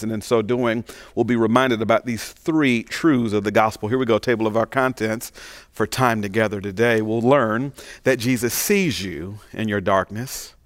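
A man preaching a sermon, telling a folksy parable with animated, building emphasis before moving into the message. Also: on the low side, no echo, studio quality. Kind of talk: sermon storytelling.

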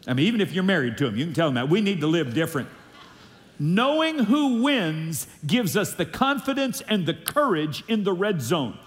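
Male pastor, slightly high voice, emphatic sermon delivery, long reverb from a church hall. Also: very animated, normal speed, few pauses. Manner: emphatic preaching with audience call-and-response. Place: church sanctuary.

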